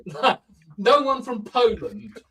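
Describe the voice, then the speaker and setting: A man's voice: very high-pitched, big pitch swings, takes it slowly, fairly bright tone, rough recording. A man chatting casually as a podcast guest, opinionated and full of fillers, from the countryside. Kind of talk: casual chat.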